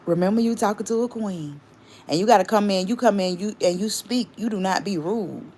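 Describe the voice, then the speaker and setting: A woman's voice: mid-range voice, brisk, dark tone. A woman hosting a casual livestream, rambling chattily and stopping to greet and thank viewers. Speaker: livestream host.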